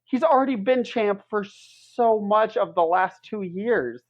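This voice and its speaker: A man's voice: sits high, unhurried, dull audio. A man co-hosting a wrestling podcast in a casual chat, ranting heatedly and swearing as he talks.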